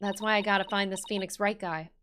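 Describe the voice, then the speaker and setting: A woman's voice: medium pitch, fairly even intonation, fast talker, a bit bright, a little hiss or hum, lightly acted. A woman voicing a hammy young female pirate-themed aquarium performer, with over-the-top pirate talk read aloud on a game stream. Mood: pleading.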